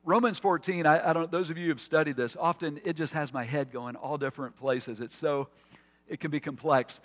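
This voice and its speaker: A man's voice: a little high, steady tone, fairly quick. A man preaching a conversational sermon as pastor, with asides and restarts. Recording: long hall reverb.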